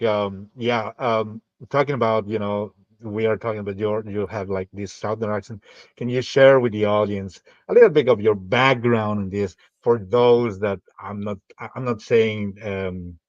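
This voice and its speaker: A man's voice: fairly low pitch, no echo. A man from Mexico with a Mexican Spanish accent, hosting a podcast and chatting hesitantly as he searches for words. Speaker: podcast host. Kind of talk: casual chat. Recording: dull dry mic.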